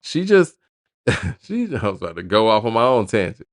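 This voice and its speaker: A man's voice: lowish voice, very animated, moderate pace, no echo, studio quality. A man hosting a hip hop news show, reading an album review aloud and breaking off into casual asides.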